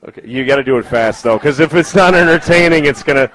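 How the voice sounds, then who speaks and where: A man's voice: on the high side, fast, fairly bright tone, poor audio. A man doing a stand-up set in a comedy club, rambling and profane, with self-mocking asides.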